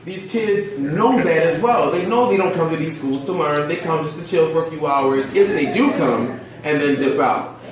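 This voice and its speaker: A man in his twenties from Philadelphia who works with charter school kids, talking casually in an animated, slangy way with acted quotes. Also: a little high, moderate pace, heavy reverb, recorded from a distance, crowd noise, low-quality recording. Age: 20s. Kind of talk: casual discussion.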